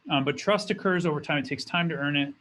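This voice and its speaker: A man's voice: a little high, quick pace, bright, forceful tone, slight background noise, poor audio. Chatty male business professor lecturing. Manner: conversational, repeats and restarts phrases. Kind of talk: recorded lecture. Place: classroom or studio with a document camera.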